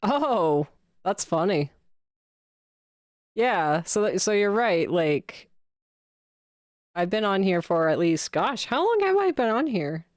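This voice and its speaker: A woman's voice: mid-range voice, sing-song, slow, pauses often, no room sound, studio quality. A young adult woman livestreaming games, chatting casually with her viewers and gushing when thanked. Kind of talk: casual gaming livestream chat.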